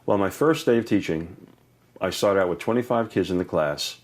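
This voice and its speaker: Older male educator guest, low voice, lively anecdotes with laughter. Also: moderate pace. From Brooklyn, New York. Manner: animated, laughs often, acts out voices in stories. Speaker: educator and author, interview guest. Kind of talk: warm anecdotal storytelling.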